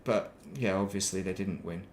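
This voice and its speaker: A middle-aged man with a softened northern English accent, chatting casually and rambling while streaming a game. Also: low-pitched, normal speed, slight background noise. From northern England. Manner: rambling, thinks aloud, laughs at himself. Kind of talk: casual chat while playing.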